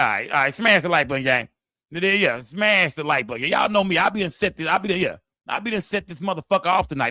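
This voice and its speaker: Brief: male stream host, AAVE, rowdy and profane, bright forceful tone, dry close mic. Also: a little high, dry recording. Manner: loud, rowdy, addresses chat directly. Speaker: livestream host. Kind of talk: profane live-stream commentary.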